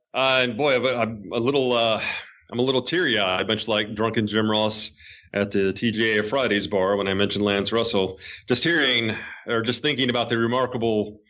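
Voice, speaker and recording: A man hosting a wrestling podcast in a casual, joking way, halting with fillers, also reading an ad. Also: mid-range voice, sharp tone. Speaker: podcast host. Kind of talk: casual podcast chat and ad read.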